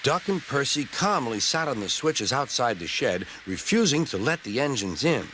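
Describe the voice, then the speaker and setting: A man narrating a storybook show in a slow, gentle storytelling manner. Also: mid-range voice, very animated. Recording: background music.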